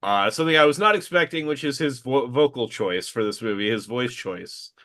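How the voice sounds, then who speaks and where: A man's voice: mid-range voice, expressive, fairly quick, fairly bright tone. Man, late 30s, podcast co-host: hesitant, filler-heavy, dry-humored delivery. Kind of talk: casual chat.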